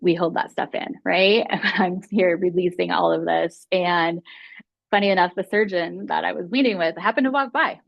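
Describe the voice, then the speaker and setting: Low and gravelly, this woman speaks at normal speed as a guest mindfulness teacher, candidly confessing her personal story and voicing her past thoughts. The sound is lo-fi with no room sound.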